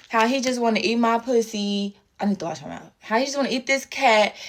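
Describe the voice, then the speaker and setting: A woman, telling a profane, slang-filled story in a casual story-time chat and acting out everyone's lines. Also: mid-range voice. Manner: animated, profane, slangy storytelling with quoted voices.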